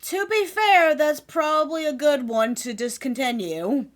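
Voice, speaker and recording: A woman streamer chatting casually while reacting to a video, excitable and giggly with loud outbursts. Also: high voice, unhurried.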